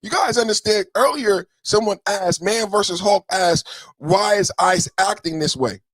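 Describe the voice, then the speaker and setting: A man's voice: sits high, unhurried, fairly bright tone, no room sound. A man hosting a reaction podcast, rambling through a ranting argument and repeating his phrases as he goes. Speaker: podcast host.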